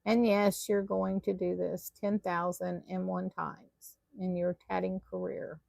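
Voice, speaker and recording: A woman's voice: fairly low pitch, level tone, a little slow, gravelly, a little mellow, dry recording. A woman teaching a live online tatting class, chatty and self-deprecating as she talks viewers through her work.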